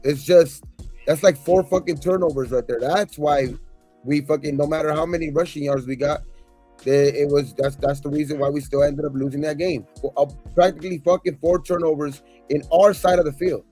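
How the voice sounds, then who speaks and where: Profane, frustrated man with a mellow voice. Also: a little high, fairly even intonation, fairly quick, faint music behind. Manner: frustrated, profane, repeats himself. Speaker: podcast co-host. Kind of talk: casual postgame rant.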